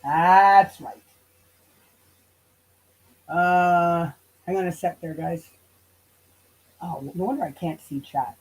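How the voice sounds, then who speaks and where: This woman, a YouTube livestreamer, has a husky, darkish voice on the low side, speaking slowly with long pauses. She rants on her channel in a heated, profane, casual manner and now and then drifts from the mic, all captured in poor audio.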